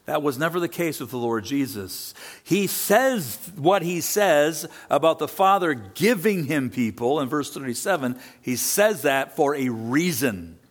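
A male pastor delivers a sermon in an animated voice that rises and falls widely. He presses his points with rhetorical questions and answers them himself. His voice sits a little above the usual male pitch. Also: measured pace, few pauses. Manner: emphatic preaching with rhetorical questions; animated, rising and falling delivery.

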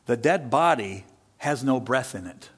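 Animated male preacher with rhetorical questions. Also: medium pitch, measured pace, slightly rough. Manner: animated, rising and falling delivery. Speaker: pastor. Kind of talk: sermon.

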